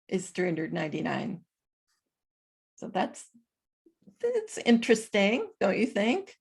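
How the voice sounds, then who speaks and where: A woman vlogging in a casual monologue, reading from her notes and spelling out numbers slowly and deliberately. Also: medium pitch, very animated, vocal fry, breathy edge.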